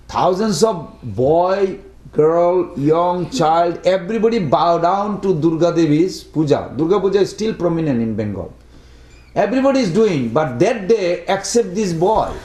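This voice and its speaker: Addressing a devotional study group, a man tells a story with lots of animation, acting out each character. His voice runs on the high side, and the recording has a roomy echo.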